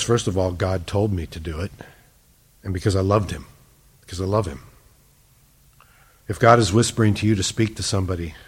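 Earnest man preaching, loud then hushed. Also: mid-range voice. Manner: earnest, swings from loud emphasis to hushed softness. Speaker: pastor. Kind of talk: sermon.

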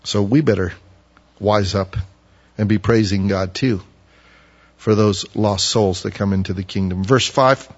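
A man preaching a sermon, acting out the prophets he quotes in loud, pleading bursts. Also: on the low side, unhurried, pauses often. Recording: muffled audio with long hall reverb.

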